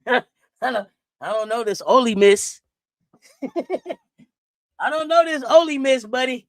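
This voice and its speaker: A woman with a somewhat high, animated voice runs a sports talk stream, speaking at a measured pace with many pauses and no echo. She unloads a profane, heated, repetitive rant, constantly turning to speak directly to her live-chat audience.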